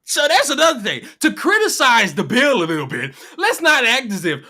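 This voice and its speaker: Streamer on a profane rant, bright tone, pitch swinging widely, mocks with rhetorical questions. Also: wildly swooping pitch, normal speed. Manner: mimics people in silly voices. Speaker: livestreamer. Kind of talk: heated livestream commentary rant.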